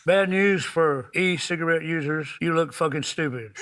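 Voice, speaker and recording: A man's voice: on the high side, moderate pace, background noise. A laid-back, folksy man appearing as a talk show guest and reading jokes off cards.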